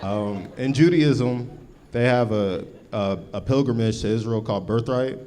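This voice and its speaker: A man's voice: mid-range voice, unhurried, warm tone, slight background noise. Laid-back man doing stand-up. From Los Angeles. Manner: laid-back punchy delivery, slangy asides like bro and you feel me. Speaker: stand-up comedian. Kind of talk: stand-up comedy set. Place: live comedy show before an audience.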